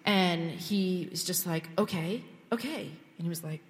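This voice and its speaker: A woman's voice: on the low side, normal speed. Woman telling a testimony in a reverberant church. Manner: candid storytelling, building to fervent prayer. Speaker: speaker at church. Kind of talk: sermon testimony. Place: church sanctuary. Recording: long reverb of a church hall.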